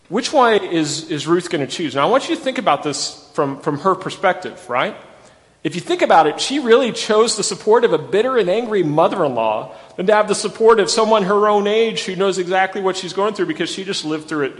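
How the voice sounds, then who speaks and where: Emphatic preacher in a reverberant hall. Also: male voice, sits high, normal speed. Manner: animated, emphatic, repeats phrases. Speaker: pastor. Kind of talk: sermon.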